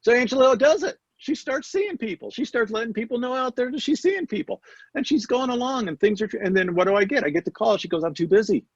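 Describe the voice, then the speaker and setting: Storytelling man, husky and dry. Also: very high voice, lively intonation, fast talker, dry recording, highs cut off. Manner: storytelling, acts out quoted dialogue. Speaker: guest, practice mentor. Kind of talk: casual podcast interview. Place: Denver area.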